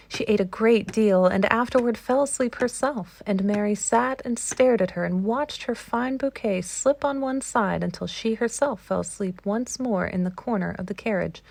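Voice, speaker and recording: A woman reads a classic storybook aloud in a calm, steady audiobook manner. Her voice sits at a middle pitch. The recording is dry and close, with no room sound. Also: no room sound. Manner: steady, even-paced reading. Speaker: storybook reader.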